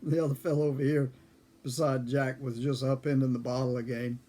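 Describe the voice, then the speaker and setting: Husky older man telling a chuckling yarn. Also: medium pitch, little pitch movement, a little fast, mellow. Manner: chuckles often between lines; rambling, corrects himself mid-story. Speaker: storyteller. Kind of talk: casual personal anecdote.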